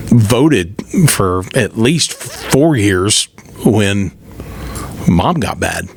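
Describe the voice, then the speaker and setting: Man, middle-aged, low-pitched, folksy rambling storyteller, casual podcast monologue. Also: animated, extremely slow, creaky, slight background noise. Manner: folksy, rambling, retells dialogue with raised voice. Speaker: podcast host.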